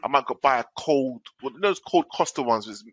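A man's voice: medium pitch, fast, slightly rough. A man, co-hosting a podcast and telling a story in casual slang-filled chat. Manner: animated storytelling with London slang. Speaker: podcast co-host.

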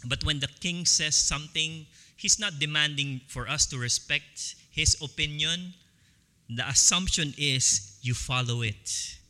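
Pastor guy preaching, kinda high voice, repeats lines for weight, long church echo. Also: sharp tone. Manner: slow, emphatic, repeats phrases for stress. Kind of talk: sermon.

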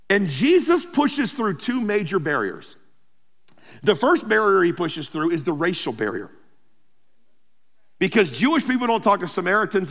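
A pastor with a male voice that sits high preaches a sermon, telling the story in a humorous, lively way full of playful asides. The recording has a long hall reverb.

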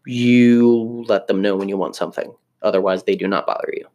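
A man's voice: fairly low pitch, steady tone, brisk, hardly any pauses, a little mellow. A young man chatting casually to the camera, rambling and self-deprecating, with lots of restarts. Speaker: vlogger living in Japan.

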